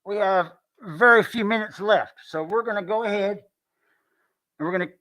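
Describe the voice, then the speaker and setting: A man hosting a live stream with loud, joking, profane banter. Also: high-pitched, normal speed. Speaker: host. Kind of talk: casual live-stream chat.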